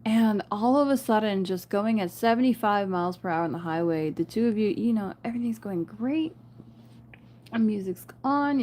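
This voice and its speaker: A woman's voice: medium pitch, a little mellow. A woman giving a casual spiritual reading to viewers, chatty and often laughing. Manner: chatty, laughs often, addresses viewers as "you guys" and "y'all". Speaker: tarot reader.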